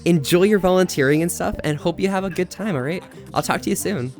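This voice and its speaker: A man's voice: high voice, fast talker, soft background music. A young man livestreaming and chatting casually with viewers. He rambles energetically and laughs at himself. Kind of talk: casual live-stream chat.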